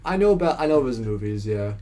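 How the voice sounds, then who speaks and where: A man's voice: medium pitch, sing-song, fast talker, warm tone. Enthusiastic young man on a film podcast. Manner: enthusiastic, hesitant restarts, says "you know" a lot. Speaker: podcast co-host. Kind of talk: casual film chat.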